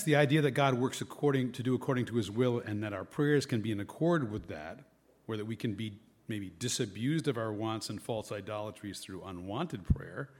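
A man preaching a sermon in a conversational way, reading scripture aloud and musing on it with varied emphasis. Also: on the low side.

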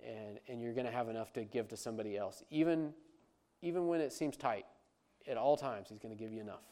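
A man's voice: mid-range voice, darkish tone. A man preaching a sermon as a pastor, conversational and emphatic, with frequent restarts.

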